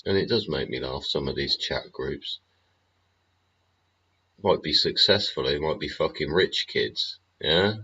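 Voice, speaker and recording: A man's voice: very deep voice, animated, measured pace, long pauses, bright, forceful tone, slightly rough. A middle-aged man hosting a livestream, rambling and swearing through a profane monologue full of tag questions. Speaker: livestream host. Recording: muffled lo-fi stream audio.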